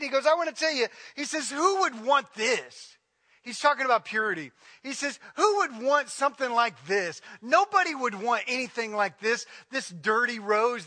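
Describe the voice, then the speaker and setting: Bright high-voiced preaching man. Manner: storytelling, building to impassioned peaks then dropping very soft. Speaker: pastor. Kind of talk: sermon.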